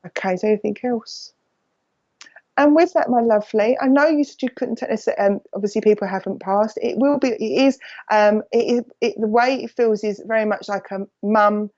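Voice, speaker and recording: Essex woman psychic medium, warm chatty rambler who bounces between thoughts, live stream with slightly dull lo-fi sound. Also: medium pitch, moderate pace. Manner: chatty and affectionate, calls people "my lovely".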